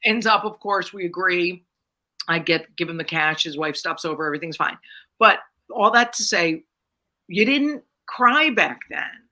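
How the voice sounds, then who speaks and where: A woman's voice: fairly low pitch, unhurried. A middle-aged woman, a comedian, telling brash, profane stories in a casual podcast chat. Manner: brash, profane, animated storyteller.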